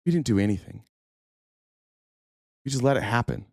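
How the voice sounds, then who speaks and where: Fired-up male podcast host, profane and indignant, mid-pitched voice, dry sound. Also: animated, normal speed, vocal fry, darkish tone, dry recording. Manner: angry, profane ranting; choked up at times. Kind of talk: political commentary.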